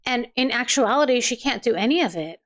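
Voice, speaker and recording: High-voiced woman chatting on a livestream. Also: lively intonation, fairly quick, fairly bright tone. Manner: chatty, laughs often, trails off and restarts. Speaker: livestream host reading viewer comments. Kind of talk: casual chat.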